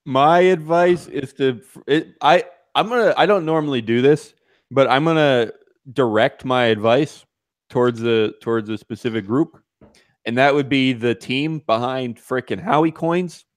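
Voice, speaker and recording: A man hosting a casual podcast, animated and laughing, with mock exasperation. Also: medium pitch, unhurried, dry recording, clean studio sound. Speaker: podcast host.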